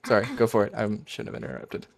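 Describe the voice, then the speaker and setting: A man's voice: on the low side, sing-song, fast, vocal fry. A man running a tabletop game as game master, narrating casually and correcting himself as he goes.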